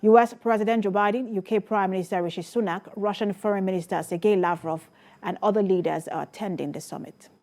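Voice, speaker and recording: A woman anchors a television news bulletin in a crisp, formal way. Her voice sounds warm and mellow, sitting in the middle of her range. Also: mid-range voice, fairly even intonation, fast talker. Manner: crisp, formal newsreader delivery. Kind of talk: scripted news reading.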